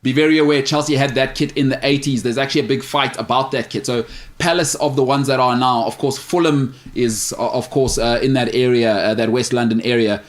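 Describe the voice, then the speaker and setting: A man's voice: medium pitch, fairly even intonation, brisk. A man hosting a sports talk show, chatting casually and jokingly as he reads out viewer questions and gives firm opinions. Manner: opinionated, joking, stumbles over names.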